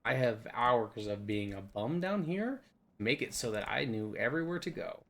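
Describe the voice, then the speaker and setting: A man's voice: medium pitch, very animated, normal speed, vocal fry, fairly bright tone. Rambling goofy young man touring a game map. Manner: goofy, rambling, playful silly voices. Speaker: game video host. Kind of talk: rambling casual map tour.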